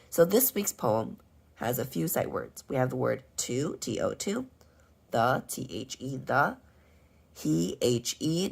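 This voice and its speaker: A woman teaching first graders, going over their homework and spelling out sight words slowly and clearly. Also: a bass voice. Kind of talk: homework walkthrough lesson.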